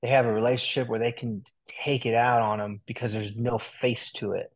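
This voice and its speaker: A young adult man as an interview guest, talking in a relaxed, chatty way full of "like" and "dude". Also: medium pitch, moderate pace. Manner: relaxed, talkative, fillers like "like" and "dude". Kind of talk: casual interview.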